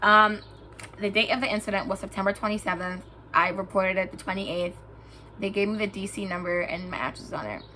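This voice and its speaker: A young woman tells a personal story straight to camera with a bright, forceful voice. She talks in an animated, emphatic way and gets heated. A faint hum sits behind her in the room. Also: medium pitch, fairly quick. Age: young adult. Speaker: vlogger. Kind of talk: storytime vlog.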